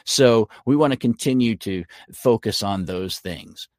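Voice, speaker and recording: A man's voice: fairly low pitch, unhurried, a little mellow, no room sound, studio quality. A man, a voiceover coach, giving instructive advice as a guest in a podcast interview.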